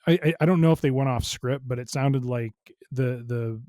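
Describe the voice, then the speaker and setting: A man's voice: medium pitch, moderate pace, warm tone, dry recording, clean studio sound. A man co-hosting a podcast, explaining wrestling news in casual chat and reading an article aloud. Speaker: podcast co-host.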